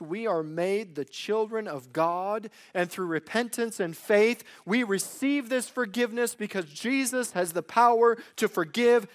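A man preaches an earnest sermon in a voice that sits high, swinging between loud emphasis and quiet, drawn-out phrases.

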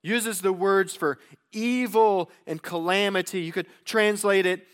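Male preacher, expository sermon, high voice, unhurried delivery, drops low and hushed for emphasis. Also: steady tone, smooth. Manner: deliberate, dropping low and quiet for emphasis.

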